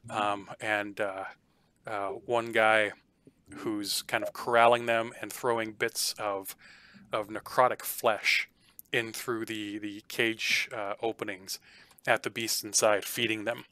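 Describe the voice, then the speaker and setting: A man narrating a tabletop game as game master, halting with many fillers and restarts. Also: lowish voice, level tone, sharp tone.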